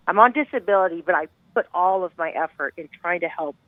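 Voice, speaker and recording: A woman's voice: lowish voice, fast, no echo. A middle-aged woman, a grieving mother, tells her story as a guest in an intense, rambling, heartfelt way. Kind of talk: emotional personal storytelling. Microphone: phone call. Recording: tinny dry phone line.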